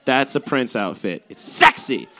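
A young man from Chicago's South Side telling a stand-up story, animated and swearing, acting out quoted lines. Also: mid-range voice, a little slow, a little hiss or hum. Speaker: stand-up comedian.

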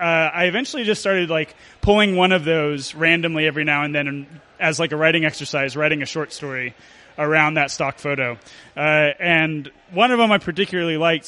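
Halting, filler-heavy bright-voiced man. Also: fairly high pitch. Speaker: storyteller performer. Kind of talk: live comic storytelling, reading aloud.

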